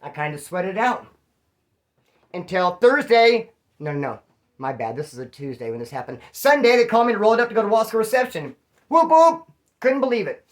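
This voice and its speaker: Fast-talking slangy man telling stories. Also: high-pitched, big pitch swings. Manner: profane, slangy, acts out other people's lines. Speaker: former inmate storyteller. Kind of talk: casual storytelling.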